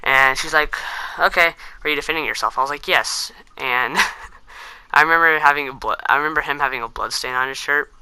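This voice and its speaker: A man's voice: mid-range voice, fairly even intonation, brisk, noisy background. A teenage boy telling a story to camera in a rambling, self-mocking way, full of fillers. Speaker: vlogger.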